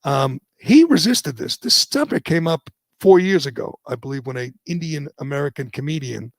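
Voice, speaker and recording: A man's voice: fairly high pitch, expressive, moderate pace, dry recording. A man hosting a talk radio show, delivering a sarcastic, opinionated monologue with frequent ums and uhs. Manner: sarcastic, hesitant with many fillers.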